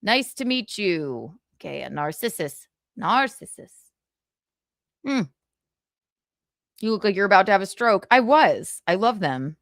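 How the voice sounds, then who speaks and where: A woman hosting a casual livestream, reading viewer comments out loud in a brash, profane, giggly way. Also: mid-range voice, big pitch swings, measured pace, long pauses, no echo, studio quality. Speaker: livestream host.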